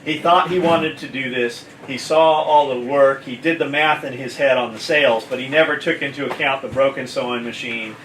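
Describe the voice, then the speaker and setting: A man's voice: mid-range voice, steady tone, moderate pace, hardly any pauses, fairly bright tone, a little hiss or hum. A man who owns a gear company, telling a story in casual chat, blunt and full of swearing. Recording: echoey room, mic at a distance, faint kitchen clatter.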